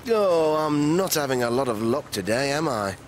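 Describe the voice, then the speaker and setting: A man playing a cheerful grown-up on a fishing trip in a children's show, reading a story aloud in a gentle, sing-song way. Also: mid-range voice, expressive, normal speed, a little hiss or hum, natural voice.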